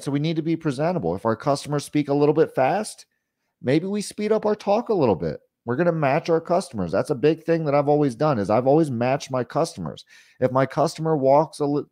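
A man with a slightly high voice runs a casual sales training session, peppering his talk with "you know" and "right?" and acting out both pushy and calm questions to customers. The sound is clean studio audio with no room sound.

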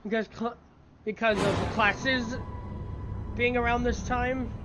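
A woman's voice: on the high side, fairly even intonation, slow pace, noisy background. A woman giving casual let's-play commentary, mumbling asides and breaking into startled reactions, on a dull lo-fi mic. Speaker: gaming video creator.

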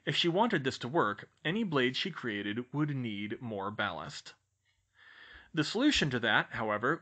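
A man reading a fan fiction audiobook aloud in steady storytelling narration. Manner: steady storytelling, lively pitch. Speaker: audiobook reader.

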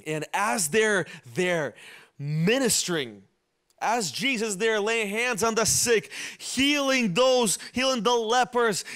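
A man with a high-pitched voice preaching a sermon. He repeats phrases in a rolling cadence and moves between quiet stretches and loud, shouted peaks. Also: lively intonation, takes it slowly, clear, resonant tone. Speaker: pastor.

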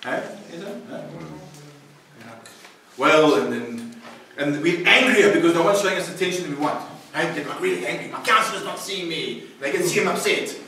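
Male pastor, high voice, loose laughing preaching style heavy on rhetorical questions; distant mic in a very reverberant hall. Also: normal speed, pushed and bright, slight background noise. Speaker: pastor teaching at a recovery centre. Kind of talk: informal preaching to a group. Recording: echoey room, voice from far off the mic.

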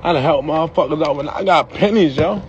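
A young man with a slightly high voice rants to the camera at a quick pace, heated and profane, tacking "yo" onto the end of his lines. The audio is dull with a little hiss or hum.

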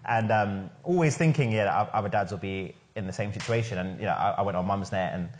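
Man, lowish voice, chatty and enthusiastic, casual podcast host. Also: quick pace, a little hiss or hum.

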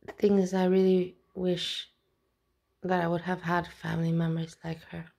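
Emotional woman vlogger, lowish voice. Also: flat delivery, normal speed, vocal fry, mellow. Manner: openly emotional, rambling. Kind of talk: casual reaction vlog.

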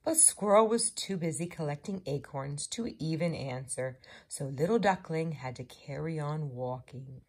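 A woman narrating children's picture books in a gentle, expressive storytelling voice. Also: low-pitched, moderate pace, hardly any pauses, breathy edge. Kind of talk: children's story read-aloud.

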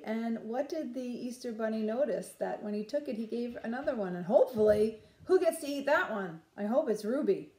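In a roomy-sounding space, a nursery school teacher reads a picture book to the kids, lively and asking them questions as she goes. She's a woman with a voice on the high side.

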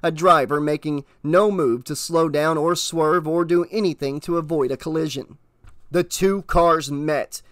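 A man narrating an audiobook in a steady, measured reading voice. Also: on the high side, no echo, clean studio sound.

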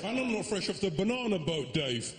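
A man's voice: high-pitched, big pitch swings, fairly quick. A man doing live stand-up, brash and teasing the crowd, with plenty of swearing. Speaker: stand-up comedian. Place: large comedy venue. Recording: echoey hall, audience noise.

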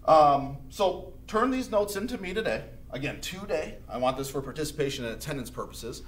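A man teaching high school history in a casual, chatty lecture, acting out historical figures as he goes. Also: expressive, a little fast, slight background noise. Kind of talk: recorded classroom lecture. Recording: echoey room recording.

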